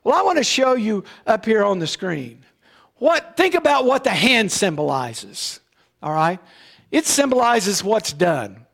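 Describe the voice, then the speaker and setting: A high-pitched man delivers a Sunday sermon from the pulpit. He teaches in a loose, conversational way, stopping often to check in with his listeners. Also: big pitch swings, measured pace, gravelly, fairly bright tone. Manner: conversational preaching with frequent "all right?" check-ins. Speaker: pastor. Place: church.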